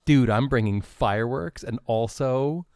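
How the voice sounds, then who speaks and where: A man's voice: mid-range voice, unhurried, clear, resonant tone, dry recording, clean studio sound. An American man co-hosting a podcast in casual chat, joking and retelling stories with lots of ums and uhs. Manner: joking, animated storyteller with many fillers. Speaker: podcast co-host.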